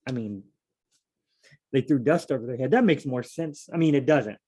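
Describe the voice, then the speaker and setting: A man talks his way through a Bible passage in a relaxed, conversational tone. His voice is mellow and dark. He reads a verse aloud, then unpacks it with asides and playful quotes. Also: mid-range voice, moderate pace, slightly rough. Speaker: Bible study teacher. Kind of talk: casual Bible study talk.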